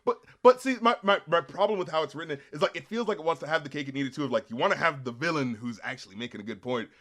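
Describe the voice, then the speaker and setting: A man co-hosting a casual movie review chat, talking excitedly and profanely and acting out quotes from the film. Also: fairly high pitch, racing. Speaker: co-host of a film review show. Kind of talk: casual spoilery movie discussion.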